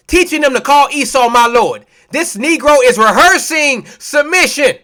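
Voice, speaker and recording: A man's voice: very high-pitched, sharp tone. A male preacher delivering a sermon, mocking and impassioned, with many rhetorical questions. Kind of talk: sermon with scripture reading.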